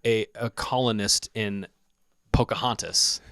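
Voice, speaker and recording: A man co-hosting a podcast in casual chat, jokey, with quick asides and frequent laughter. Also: fairly low pitch, fairly even intonation, fairly bright tone, clean tone, dry recording. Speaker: podcast co-host.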